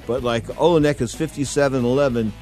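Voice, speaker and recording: A man hosting a sports talk radio show, excitable and rambling, telling stories full of asides. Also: medium pitch, fairly quick, soft background music.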